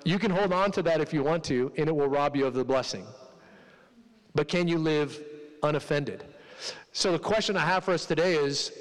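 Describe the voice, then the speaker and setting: A man's voice: a little high, normal speed, in a large hall, rough recording. A male pastor preaching a casual sermon, joking with the congregation and acting out quoted voices.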